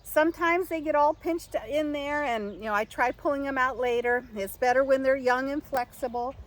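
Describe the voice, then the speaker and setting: An older woman with a high voice speaks at normal speed, chatting through a casual, wandering how-to in her garden at home with many fillers and restarts. She set up and angled the camera herself. The audio is poor.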